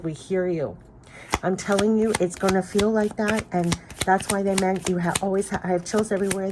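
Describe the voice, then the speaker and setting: A woman with a fairly low voice gives a spiritual card reading to her viewers. She talks earnestly and effusively, circling back to the same reassuring messages. Faint background noise sits under her voice. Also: darkish tone. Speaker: tarot card reader.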